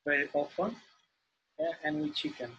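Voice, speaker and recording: A man from Romania with a Romanian accent, a guest in a casual interview, speaking halting English as he searches for words and laughs often. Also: sits high, wildly swooping pitch, vocal fry, pushed and bright, muffled recording.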